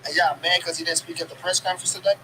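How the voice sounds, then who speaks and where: A man's voice: high voice, rapid-fire, rough recording. A man delivering boxing commentary as a casual rant, swearing and repeating his points for emphasis. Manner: profane, emphatic, repeats lines for stress. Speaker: boxing commentary channel host. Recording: clip with steady background noise.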